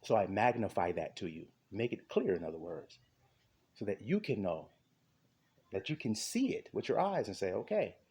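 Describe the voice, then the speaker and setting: A man preaching an impassioned sermon, fervent and repetitive, with a husky voice. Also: lowish voice, big pitch swings, normal speed, darkish tone. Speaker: street preacher.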